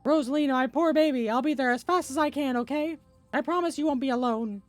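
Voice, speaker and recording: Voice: quick pace, no echo, faint music behind, lightly acted. A streamer voicing a frantic father pleading over his badly hurt daughter, reading from a story game. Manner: pleading, shrill.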